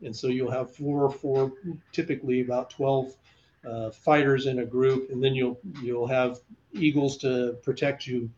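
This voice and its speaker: This retired fighter pilot, now an older man, speaks a little slowly in a mid-range voice while recounting stories during an interview. He's animated and performs the voices of those he quotes. The audio loses its high end and carries a slight hiss or hum.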